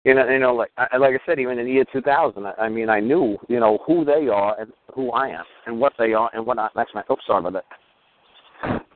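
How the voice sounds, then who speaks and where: A man's voice: medium pitch, fast talker, no room sound. A man hosting a call-in show, talking in a rambling, emphatic and blunt way. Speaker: radio show host. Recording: dry tinny phone-line sound.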